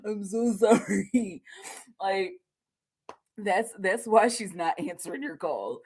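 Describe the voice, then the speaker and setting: Giggly animated woman reading tarot. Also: mid-range voice, slow, husky. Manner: giggly and animated, lots of fillers. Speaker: tarot reader. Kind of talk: casual live tarot reading.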